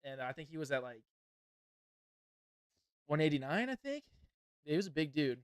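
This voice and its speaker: A man's voice: a little high, big pitch swings, normal speed, smooth, dry recording, clean studio sound. A young man hosting a podcast, telling a profane story with lots of laughter, then commenting on a fight. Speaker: podcast host.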